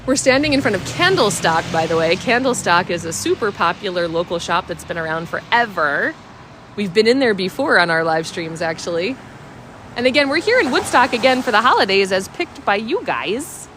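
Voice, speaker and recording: A woman's voice: medium pitch, animated, moderate pace, a bit bright, slight background noise. A woman hosting a walking-tour livestream, chatting with viewers' comments, a bit sniffly from a cold. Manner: bubbly, chats with viewers' comments. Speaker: travel livestream host. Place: outdoors on a village street.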